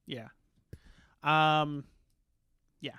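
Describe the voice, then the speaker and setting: A man's voice: a little high, fairly even intonation, extremely slow, sharp tone, clean tone, dry recording, studio quality. A man co-hosting a podcast, chatting casually with wry short replies. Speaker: podcast co-host. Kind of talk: casual chat.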